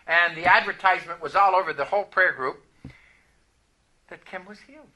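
A man preaching a sermon, telling a personal story with animated, emphatic declarations. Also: sits high, a little fast, pauses often.

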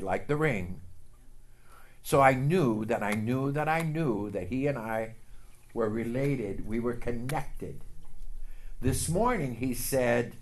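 A man preaching a sermon and telling a personal story, emotional and building to loud outbursts. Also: medium pitch. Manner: emotional, building to shouts, leads call-and-response. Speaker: pastor. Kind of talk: sermon with testimony.

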